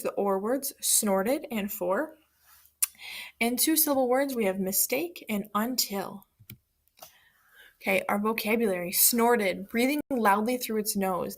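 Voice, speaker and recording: A woman's voice: mid-range voice, measured pace. A woman teacher leading a second-grade reading lesson, explaining words and reading a story aloud.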